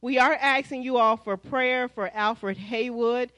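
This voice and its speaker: American woman pastor, higher voice, dry close sound, chatty announcements to the congregation. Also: a little slow, no echo, low-quality recording. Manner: lively, chatty, addresses congregation as y'all. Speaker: pastor giving church announcements. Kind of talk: church announcements. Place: church sanctuary.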